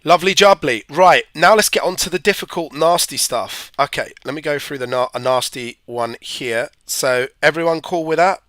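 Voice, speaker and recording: A man's voice: a little high, moderate pace, few pauses, a bit bright, dry recording, studio quality. Chatty man teaching physics. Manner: chatty, rambling, asides to viewers. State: hay fever. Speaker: physics tutor. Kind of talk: live-stream exam revision lesson.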